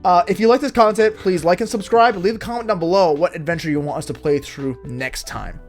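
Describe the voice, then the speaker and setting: A man's voice: sits high, fairly quick, soft background music. A man co-hosting a tabletop podcast in casual, joking chat. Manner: upbeat, joking. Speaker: podcast co-host and player.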